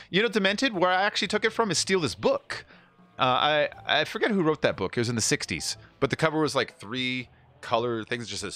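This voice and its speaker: Lively, bright-voiced male game streamer. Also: mid-range voice, a little fast. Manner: rambling, laughs often, reads chat aloud. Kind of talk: casual live-stream chat.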